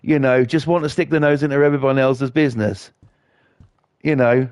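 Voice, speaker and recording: A man's voice: medium pitch, fairly even intonation, normal speed, a little mellow, clean tone, dry recording, clean studio sound. A man, ranting and swearing in a rambling way while he plays a video game. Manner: profane, rambling, indignant. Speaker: gaming YouTuber.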